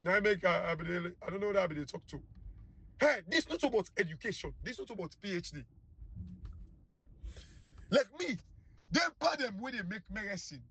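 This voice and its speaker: Heated Sierra Leonean man, husky and high. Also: big pitch swings, brisk, pauses often, fairly bright tone. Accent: Sierra Leonean Krio. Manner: heated, scornful, repetitive. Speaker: online commentator. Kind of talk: impassioned political commentary.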